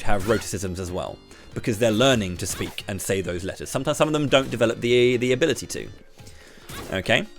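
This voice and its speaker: A British man with a slight lisp, streaming live and ranting to his chat while throwing quick questions at viewers. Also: mid-range voice. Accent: British English. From Britain. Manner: ranty, talks straight to chat with quick questions.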